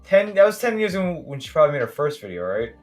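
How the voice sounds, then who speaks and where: A man's voice: a little high, sing-song, quick pace, music in the background. Hesitant young man reacting casually. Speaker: podcast guest. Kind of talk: casual chat.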